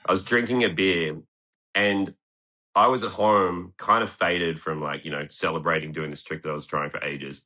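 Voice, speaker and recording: A man's voice: sits low, steady tone, normal speed, bright, forceful tone. An Australian man from Tasmania telling a story in a casual studio interview, laid-back, swearing often and laughing as he talks. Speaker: guest skateboarder. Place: podcast studio.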